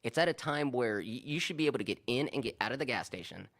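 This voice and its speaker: A man's voice: medium pitch, quick pace. A man in casual podcast chat, retelling an argument with lots of swearing and quoted back-and-forth. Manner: animated, profane, acts out both sides of arguments.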